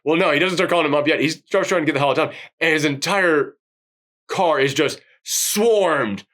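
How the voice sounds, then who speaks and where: A man co-hosting a film review podcast, talking in excited casual chat, swinging between loud outbursts and low voices when he quotes characters. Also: normal speed.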